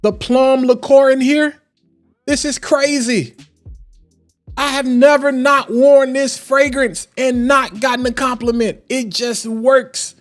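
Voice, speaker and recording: A man reviewing fragrances on a casual live stream, talking in an animated, emphatic and slangy way. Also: very high-pitched, slow pace, faint music behind.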